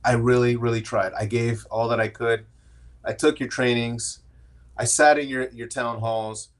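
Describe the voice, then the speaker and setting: A man's voice: medium pitch, little pitch movement, normal speed. Candid middle-aged man telling his story. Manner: candid, storytelling with frequent restarts. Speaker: podcast guest. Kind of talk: casual interview conversation.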